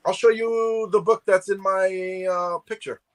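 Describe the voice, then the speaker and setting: A man's voice: sits high, fairly even intonation, a little slow, poor audio. A man chatting casually over a video call, rambling with many restarts. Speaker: guest collector. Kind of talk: casual chat.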